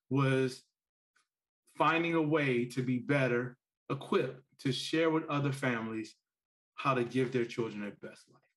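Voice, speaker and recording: A man, a parent and author, telling stories as a podcast guest, acting out quoted lines and laughing often. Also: mid-range voice. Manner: animated storyteller who acts out quotes and laughs often. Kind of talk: podcast interview storytelling.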